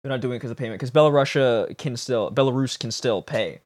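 A man's voice: mid-range voice, fast talker, darkish tone, dry recording. A young man from Canada, co-hosting a podcast in casual chat, teasing and laughing in banter. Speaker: podcast co-host.

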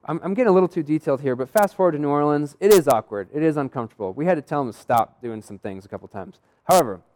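Racing along in an animated, fairly high voice with a darkish tone, this young pastor delivers his sermon as conversational storytelling. He plays the parts of the characters, voicing their quoted dialogue himself.

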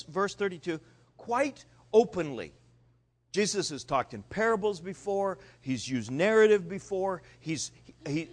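Male pastor, slightly high voice, animated conversational sermon delivery. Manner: animated and conversational, with dramatic pitch swings.

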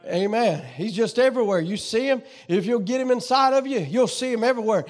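A man preaching a sermon, fervent and folksy, building up to shouting with repeated phrases. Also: extremely high pitch, a little fast.

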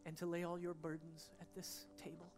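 A woman preaching a sermon as pastor, swinging from soaring proclamation to hushed, intimate prayer at a church service. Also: fairly low pitch, completely flat delivery, normal speed, soft background music.

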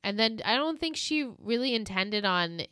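A woman with a smooth, even voice chats casually as a podcast co-host. She retells scenes with lively energy. The sound is dry and close to the mic. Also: medium pitch, normal speed, no echo. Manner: animated retelling, acts out quoted lines in exaggerated voices. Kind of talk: casual recap chat.

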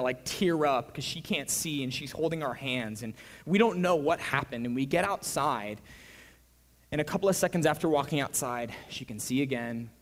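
Young man preaching in a reverberant hall. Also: medium pitch. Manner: storytelling, shifts between loud excitement and hushed quiet. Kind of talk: sermon. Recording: long reverb of a large hall.

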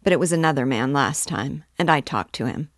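A woman's voice: extremely low pitch, animated, a little fast, dry recording, clean studio sound. A woman reading the lines of a boisterous young male student who bosses and jokes with his sick friend. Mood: hearty. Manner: hearty, bossy, joking.

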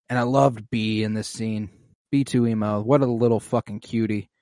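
A man co-hosting a podcast, casually recapping an episode with lots of swearing and animated retelling. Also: on the low side, moderate pace, dry recording, studio quality.

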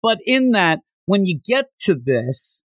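A man in a casual podcast chat, recapping with animated energy and acting out lines with sudden leaps in pitch. His voice sits a little high for a man. The sound is dry and close, with no room echo. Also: takes it slowly. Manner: animated, acts out quotes with jumps in pitch. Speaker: podcast co-host.

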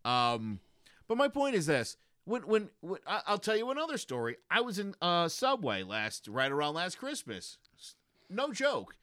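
A man in his thirties tells stories in a casual chat. His voice is bright and forceful, and his pitch swings widely. He keeps restarting his sentences, and the sound is dry and close. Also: normal speed, no echo. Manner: animated storytelling with frequent restarts.

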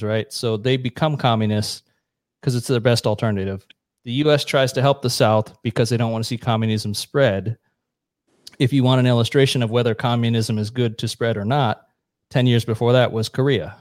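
An American man on a podcast, explaining history in a blunt, profane, brisk storytelling way. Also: medium pitch, darkish tone, dry recording, studio quality. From United States. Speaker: podcast guest. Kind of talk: casual explanatory chat.

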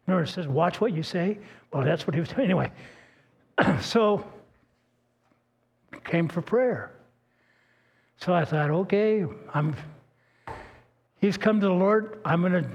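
Preaching a sermon full of personal anecdotes, this older pastor has a slightly high, gravelly and somewhat rough voice. His storytelling is folksy and sincere, and he often starts his words over.

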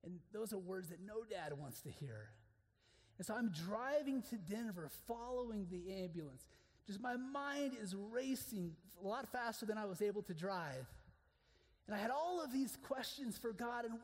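A man preaching an earnest sermon to other men, moving between hushed, intimate passages and emphatic declarations. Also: sits high, animated, normal speed, long reverb tail.

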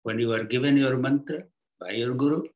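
A man in a mid-pitched voice gives an unhurried spiritual teaching. He explains patiently and lets his phrases sink low and quiet at their ends. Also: highs cut off. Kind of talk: reflective spiritual talk.

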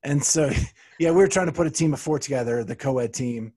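A man hosting a podcast interview, easygoing and a bit halting as he sorts out his questions. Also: medium pitch, mellow, breathy edge. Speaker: podcast host.

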